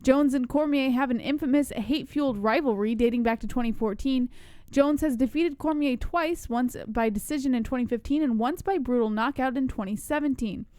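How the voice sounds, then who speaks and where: A woman's voice: high voice, a little fast, warm tone, no room sound. A woman co-hosting a news show, reluctant and dryly amused, reading headlines. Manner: dry, reluctant, giggly. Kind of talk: casual chat and news reading.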